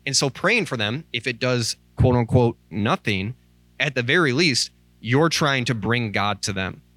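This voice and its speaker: Earnest, tearful young-sounding minister, bright voice. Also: male voice, mid-range voice, lively intonation, unhurried, dry recording. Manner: candid and conversational, with many "like" and "um" asides; earnest and pleading. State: tearful, close to crying. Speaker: associate minister. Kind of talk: informal sermon. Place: church. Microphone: microphone.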